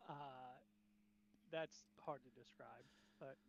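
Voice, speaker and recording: A man's voice: mid-range voice, fairly even intonation, slow, gravelly, highs cut off, slight background noise. A man co-hosting a podcast in casual chat, teasing and laughing, with some swearing. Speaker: podcast co-host.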